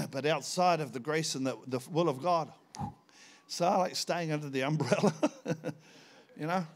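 An older man, preaching a sermon in church, telling personal stories and acting out the dialogue with bursts of shouting. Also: on the high side, a little slow. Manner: storytelling, animated, bursts into shouts when acting out scenes. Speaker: visiting pastor.

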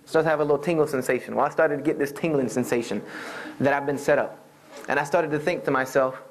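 A man in his thirties tells a humorous personal story to an audience, animated and acting out the people he quotes. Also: mid-range voice, fast talker. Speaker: Islamic speaker telling his conversion story.

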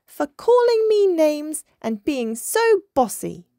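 A woman voicing a small, proud, feisty girl dolphin who talks in a bright, cheeky, excited way. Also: medium pitch, slow, no room sound, clean studio sound.

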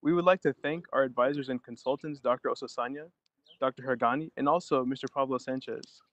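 A man's voice: mid-range voice, fairly even intonation, fast, fairly bright tone. A young man presenting a student project on a video call from outdoors, speaking hesitantly with many fillers. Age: young adult. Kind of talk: online class presentation. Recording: muffled lo-fi call audio.

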